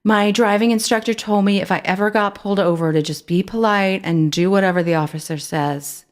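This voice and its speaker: A woman's voice: medium pitch, fairly quick, voice pushed up, close to an everyday voice. A woman voicing a panicky girl posing as a grown woman, stammering and flustered when she talks.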